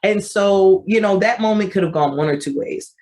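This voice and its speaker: A woman in her thirties telling her personal story as an advocate, conversational and animated, acting out her remembered thoughts. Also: mid-range voice, moderate pace. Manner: conversational with frequent fillers. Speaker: vitiligo advocate.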